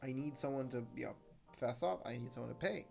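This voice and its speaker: A man's voice: medium pitch, fast, creaky, darkish tone, soft background music. A young man hosting a solo podcast, telling a story in a heated, profane rant. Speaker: podcast host.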